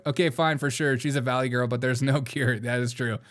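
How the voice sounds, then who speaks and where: A man's voice: medium pitch, steady tone, a little fast, fairly bright tone. A man hosting a commentary show, mocking clips with sarcastic remarks and frequent laughter. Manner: sarcastic, laughs often, teasing. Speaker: show host.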